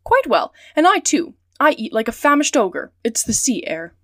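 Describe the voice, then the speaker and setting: A woman's voice: on the high side, sing-song, moderate pace, a bit bright, no room sound, clean studio sound. A woman voicing a cheerful, trusting male manservant in a storybook reading, with eager, amiable talk.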